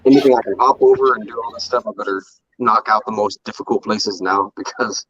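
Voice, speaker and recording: Low-voiced man in his thirties. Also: fairly even intonation, a little fast, a bit bright, slightly rough, dull audio. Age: 30s. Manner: hesitant, many fillers and restarts. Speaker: paranormal investigator co-host. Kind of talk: casual group chat.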